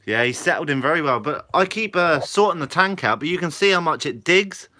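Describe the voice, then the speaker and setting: Bright-voiced man chatting live. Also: fairly high pitch, animated, fairly quick. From Guernsey, Channel Islands. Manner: chatty, reads out viewer comments and answers them. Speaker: fishing channel host. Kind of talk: casual live-stream Q&A.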